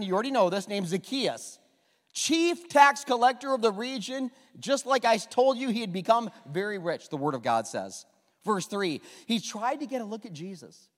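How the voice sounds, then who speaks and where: A man preaching a humorous sermon as pastor, joking and getting the congregation to repeat lines back. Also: sits high. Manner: animated, jokey, asks the congregation to repeat lines. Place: church sanctuary. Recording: long hall reverb.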